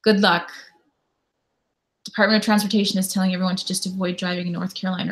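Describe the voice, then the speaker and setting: A woman chatting on her own during a live stream, reading and answering viewer comments in a relaxed, offhand way. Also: fairly low pitch, quick pace, pauses often. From Canada. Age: adult parent. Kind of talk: casual live stream chat.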